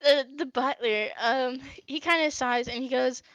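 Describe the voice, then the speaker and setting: High-pitched woman running a tabletop game, halting with fillers, dry close mic. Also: fairly bright tone, no room sound, highs cut off. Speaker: game master.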